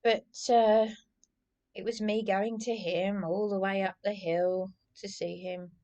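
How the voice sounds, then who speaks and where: Woman vlogger, slow and rambling, agitated, repeats herself, mid pitch. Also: level tone, warm tone. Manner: agitated, repetitive, restarts often. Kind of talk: rambling personal monologue.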